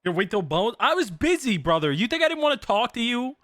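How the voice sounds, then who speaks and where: A man's voice: extremely high pitch, sing-song, a little fast, fairly bright tone, no echo, studio quality. A man chatting in character as a sheriff's deputy in an online roleplay, joking and swearing as he teases his coworkers. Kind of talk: casual in-character roleplay chat.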